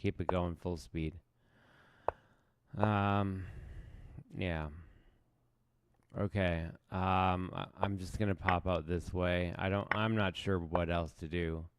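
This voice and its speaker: A man's voice: low voice, fairly even intonation, takes it slowly, pauses often, clear, resonant tone. A man streaming chess live, thinking aloud as he plays in a casual, self-mocking way. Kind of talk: casual live game commentary.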